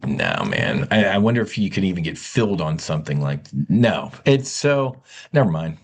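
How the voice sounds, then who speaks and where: A man hosting a live options trading webinar, animated and blunt, scolding and repeating himself as he talks through trades. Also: low-pitched, normal speed, creaky, slightly rough.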